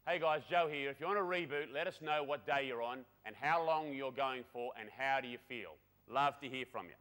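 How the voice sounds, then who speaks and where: A man giving a lively conference keynote, chatty and energetic, speaking straight to the audience. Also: a little high. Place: conference hall.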